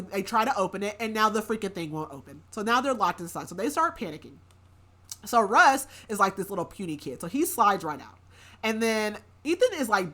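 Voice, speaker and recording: A woman's voice: mid-range voice, fairly bright tone. A woman hosting a book podcast, casually recapping a story in a rambling way with many filler words.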